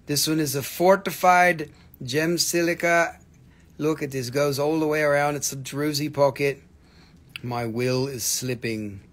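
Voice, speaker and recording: A man's voice: on the high side, measured pace, a bit bright. A man hosting a live stream crystal sale, with playful salesman patter in a put-on joke voice and some cursing. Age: adult with a daughter.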